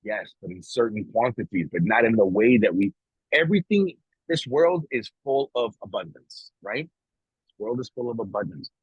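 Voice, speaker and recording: A husky, breathy-voiced man co-hosting a casual morning podcast chat. He rambles and pushes his points hard, swearing now and then. The sound is dry and a bit dull and lo-fi. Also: lowish voice, animated, moderate pace, dry recording. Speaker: podcast co-host.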